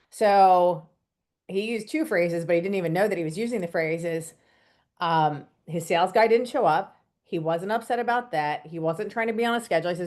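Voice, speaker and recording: A woman from Pennsylvania casually telling a story, animated and acting out dialogue. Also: on the low side, a little fast. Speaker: co-host coach.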